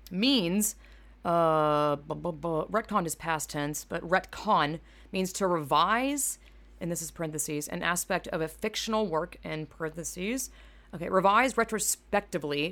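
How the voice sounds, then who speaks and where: A young woman talking casually on her own podcast, her voice sitting a little low. She rambles from one topic to the next, swears freely and throws in animated asides. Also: gravelly. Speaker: podcast host. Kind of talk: casual solo podcast chat. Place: home room at a computer. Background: keyboard clacking.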